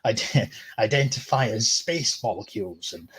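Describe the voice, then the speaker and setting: A man in casual conversation on a stream, making sarcastic remarks. His voice is husky and sits at a middle pitch. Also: expressive, normal speed, fairly bright tone. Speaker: stream co-host. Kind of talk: casual chat.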